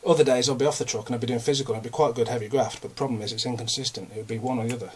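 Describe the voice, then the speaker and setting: A man's voice: medium pitch, steady tone, racing, husky. A young man, talking in a casual, rambling and self-mocking way, a bit out of breath. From England. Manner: ranting, self-mocking, chatty. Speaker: vlogger.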